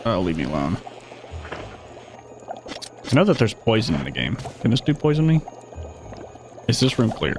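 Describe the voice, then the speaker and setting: A man's voice: lowish voice, big pitch swings, moderate pace, long pauses, faint music behind. A man streaming a horror video game, chatting casually and narrating his own moves with wry asides. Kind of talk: live gameplay commentary.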